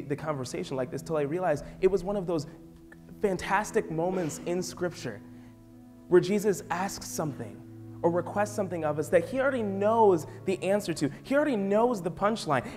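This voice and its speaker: A man's voice: fairly high pitch, darkish tone. Storytelling youth pastor, Midwestern man. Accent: Midwestern American. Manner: storytelling, acts out voices. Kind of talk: sermon.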